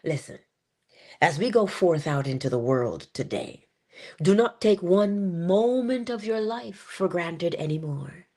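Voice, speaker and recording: An animated woman leads a morning motivational talk in a preacherly style, her pitch rising and falling widely. She sounds a little congested, and she calls out to viewers by name. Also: unhurried. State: congested, coughing. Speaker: inspirational speaker and host. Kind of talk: live-streamed motivational talk.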